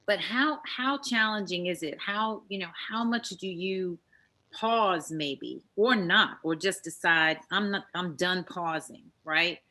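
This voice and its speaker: A woman's voice: on the low side, slow, pushed and bright. A woman interviewer asking long, thoughtful questions with frequent fillers. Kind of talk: interview conversation.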